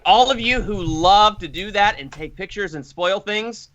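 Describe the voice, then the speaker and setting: A man chatting casually about a film, excitable and openly emotional. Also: sits high, measured pace. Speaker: guest. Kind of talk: casual discussion. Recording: lo-fi online call audio.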